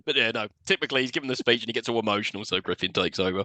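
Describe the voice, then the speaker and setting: Talking very fast in a mid-range voice with no room sound, another male co-host walks through a film on a podcast. His casual recap is animated, full of laughter and swearing, and he acts out lines in quoted voices.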